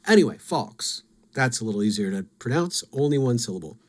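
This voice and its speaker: A man's voice: mid-range voice, lively intonation, a little fast. A man hosting a podcast, talking through game lore in a casual, musing, self-deprecating way. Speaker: podcast host.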